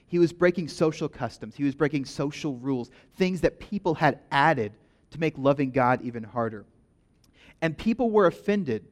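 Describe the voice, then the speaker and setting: A young man preaching a sermon in a conversational, energetic way, with playful asides to the congregation. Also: fairly high pitch. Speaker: pastor.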